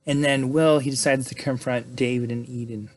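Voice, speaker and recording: A man in casual conversation, recounting a story in a loose, chatty way. He swears freely and keeps checking in with "right?". His voice sits at an ordinary middle pitch. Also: fairly even intonation, moderate pace. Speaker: podcast host recapping a film. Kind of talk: casual retelling.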